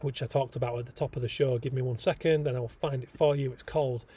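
A man's voice: mid-range voice, steady tone, fast, warm tone, slightly rough. A man hosting a casual solo podcast, talking enthusiastically with frequent ums and rambling asides. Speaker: podcast host.

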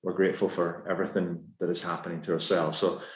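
A man's voice: low-pitched, little pitch movement. Upbeat Scottish man in a roomy space. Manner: brisk and upbeat, with frequent fillers. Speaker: guest executive. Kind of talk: casual podcast interview. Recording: roomy echo.

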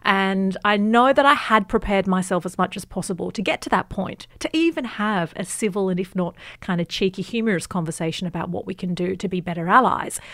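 A woman's voice: mid-range voice, a little fast, hardly any pauses, fairly bright tone, no echo. A woman with an Australian accent, speaking as a guest in a studio interview, frank and candid with flashes of cheeky humour. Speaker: guest author and journalist. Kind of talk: conversational interview. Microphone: studio microphone.

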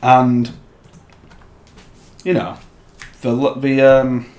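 A man co-hosting a podcast, chatting casually and telling animated stories, acting out quotes and swearing. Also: mid-range voice, drawn-out words. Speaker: podcast co-host. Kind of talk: casual chat. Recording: echoey room.

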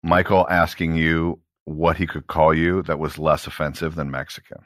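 A man hosting a podcast, relaxed and curious, asking questions. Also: extremely low pitch, normal speed, no room sound, studio quality. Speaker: podcast host. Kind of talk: casual podcast chat.

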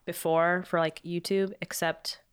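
Brief: young woman, lowish voice, close dry sound, matter-of-fact co-host. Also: flat delivery, measured pace, smooth, no echo. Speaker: YouTube co-host. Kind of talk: casual chat while taking a quiz.

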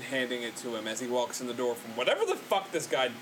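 A man's voice: mid-range voice, big pitch swings, fast talker, background noise. A man co-hosting a podcast, reacting casually in a laid-back, profane way. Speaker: podcast co-host.

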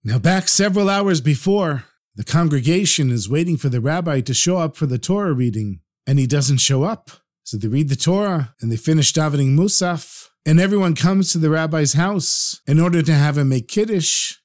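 An expressive male storyteller narrates with animated delivery, his voice sitting a little high for a man. He pauses to explain terms as he goes.

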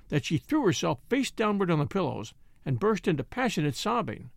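A woman narrating a classic children's novel aloud in a measured, expressive storytelling manner. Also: lowish voice, no echo, clean studio sound. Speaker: audiobook narrator. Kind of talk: scripted narration.

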